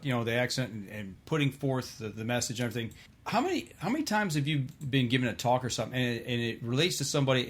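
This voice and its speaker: A man hosting a podcast, asking loose, rambling interview questions. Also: mid-range voice. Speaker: podcast host.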